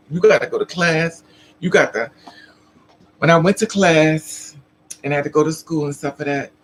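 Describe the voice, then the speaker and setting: A low-pitched trans woman vlogger tells her live chat a casual, chatty story, laughing often and acting out the other people's parts. The recording is rough, with slight background noise.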